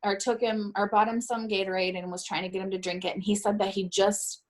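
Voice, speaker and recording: A middle-aged woman being interviewed, recounting a painful personal account in a halting way and often stopping to correct herself. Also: mid-range voice, little pitch movement. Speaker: interviewee, bereaved mother.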